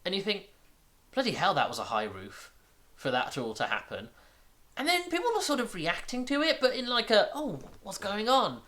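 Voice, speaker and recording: A man's voice: high-pitched, huge pitch swings, normal speed, sharp tone. A man casually recapping and reviewing a film, rambling with many restarts and fillers, amused and incredulous at the plot.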